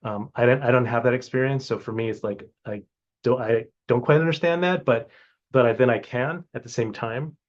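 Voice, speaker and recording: A man's voice: medium pitch, brisk. A man in his fifties from Hawaii sits for a casual interview and talks in a mid-range voice. He gropes for words, restarting his sentences and filling the gaps with "um" and "you know". The sound is a little muffled, with a dull, lo-fi quality. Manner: hesitant, many restarts and fillers. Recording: muffled lo-fi recording.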